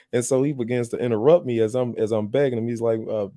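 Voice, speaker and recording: Laughing, storytelling man with a mellow voice. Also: medium pitch, fast, few pauses, no room sound, studio quality. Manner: animated, laughs often, acts out quoted voices. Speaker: podcast host. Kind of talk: casual storytelling.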